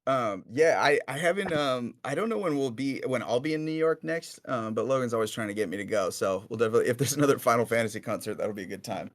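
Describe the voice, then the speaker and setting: A man's voice: mid-range voice, fast, few pauses. Rambling man answering fan questions. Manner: relaxed, rambling, many fillers and restarts. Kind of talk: casual chat.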